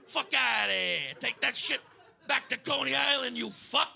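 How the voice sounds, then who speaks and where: A man's voice: very high voice, vocal fry, bright, forceful tone, a faint crowd, exaggerated voice. A man doing a brash Brooklyn playwright. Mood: giddy. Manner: brash, cursing, fast. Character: excited young Brooklyn playwright ranting at his brother.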